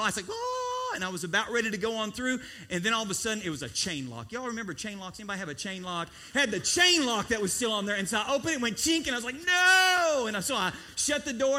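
A man's voice: high voice, bright, forceful tone. A man in his thirties preaching a sermon, telling a childhood story with acted-out quotes and questions to the congregation. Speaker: pastor.

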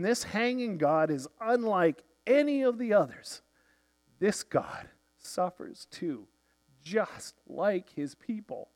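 Man voicing simple-hearted devout Viking, lilt, slightly high voice, earnest, soft trailing endings.

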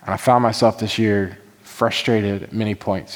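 A man's voice: lowish voice, fairly even intonation, normal speed. A man preaching as a pastor, earnest and pleading, his voice rising in heartfelt prayerful passages. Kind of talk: sermon. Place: church sanctuary. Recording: hall reverb.

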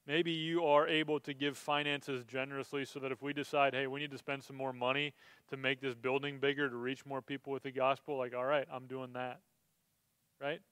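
A man's voice: medium pitch, flat delivery, brisk, a bit bright, clean tone, no echo. A male pastor preaching a sermon in a conversational way, building to emphatic, impassioned stretches.

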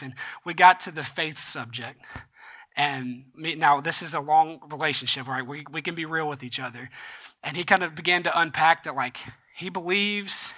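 A man's voice: on the high side, pushed and bright. A man preaching a sermon as a pastor, in a conversational way that often checks in with his listeners.

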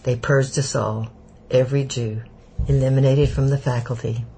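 A man voicing an elderly Jewish refugee who speaks with a German accent, slow, heavy and bitter. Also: medium pitch, steady tone, mellow, slight background noise, natural voice, rough recording. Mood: grim. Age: older. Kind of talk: audiobook character voice.

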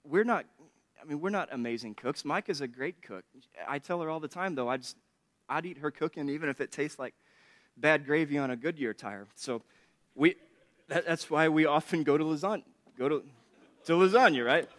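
A man's voice: a little high, normal speed, fairly bright tone. A man preaching a sermon in a chatty, joking way, laughing often between points. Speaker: pastor. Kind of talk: conversational sermon with humor.

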